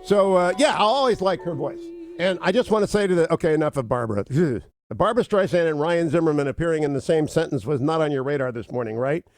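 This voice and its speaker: A man's voice: fairly high pitch, expressive, fast talker, soft background music. A male radio host giving a conversational, wry talk-show monologue from a studio mic. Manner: conversational, wry, cues up clips.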